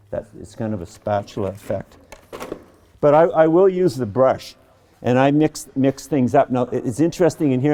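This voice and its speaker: A man's voice: mid-range voice, warm tone, slight background noise. Enthusiastic man demonstrating painting. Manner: enthusiastic, chatty, many restarts and repeated words. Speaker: painting instructor. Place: art studio.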